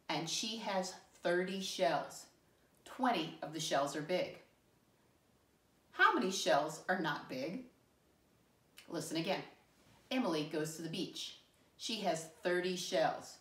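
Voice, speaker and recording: A woman teaching a first grade lesson to young children, encouraging and upbeat, spelling words out slowly. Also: on the low side, recorded from a distance. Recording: echoey room, voice from off mic.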